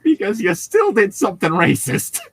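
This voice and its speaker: A man's voice: sits high, wildly swooping pitch, normal speed, breathy edge. A man co-hosting a casual podcast, joking and riffing sarcastically while the group reads a book aloud. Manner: sarcastic, riffing, laughs often. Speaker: podcast co-host reading aloud.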